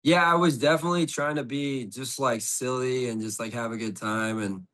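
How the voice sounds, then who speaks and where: A man's voice: mid-range voice, fairly even intonation, normal speed, fairly bright tone. A middle-aged man, a podcast guest, telling a story in casual conversation, rambling with lots of "like" and restarts.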